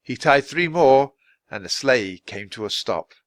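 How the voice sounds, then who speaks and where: A man reading a children's book aloud for language learners, clearly and expressively. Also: mid-range voice, expressive, a little slow, no room sound. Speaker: storyteller.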